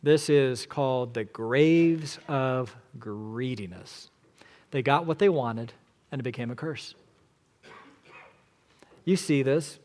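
A man preaching an expository sermon as pastor, emphatic, swinging between loud declarations and hushed lines. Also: medium pitch.

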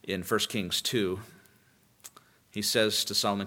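A man's voice: on the low side, fairly even intonation, a little slow, bright, forceful tone. A man preaching a sermon as pastor, emphatic and repeating key lines for emphasis.

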